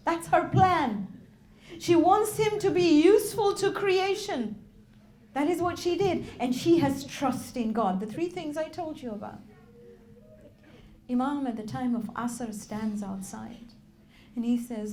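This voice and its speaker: A woman's voice: high-pitched, expressive, slow pace, darkish tone, roomy sound. A woman reciting a religious sermon, impassioned and building to tearful intensity. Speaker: majlis reciter. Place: religious gathering hall.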